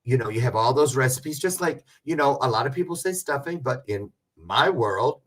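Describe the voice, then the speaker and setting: Man livestream host, chatty and teasing, very animated pitch, mid voice. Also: moderate pace. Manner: chatty, joking, rambling with self-aware asides. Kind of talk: casual livestream chat with viewers.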